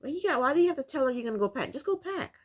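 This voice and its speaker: A woman hosting a casual TV recap, her voice rising and falling in a lively, expressive way. She sounds incredulous at what she retells and circles back to the same point to drive it home. Her delivery is chatty and unscripted. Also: high-pitched, rapid-fire. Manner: incredulous, repeats points for emphasis. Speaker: reality TV recap host.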